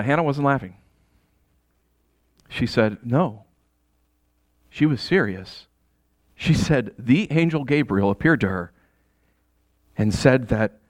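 This man tells an audience a dramatic story in the first person, with a medium-pitched voice captured in a clean, dry studio recording. He moves between hushed asides and exasperated bursts that come close to shouting, tossing rhetorical questions at the crowd.

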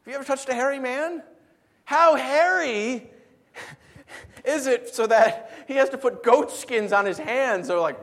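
A middle-aged married man preaching a sermon, animated and rhetorical with a humorous streak. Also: very high voice, unhurried. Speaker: pastor.

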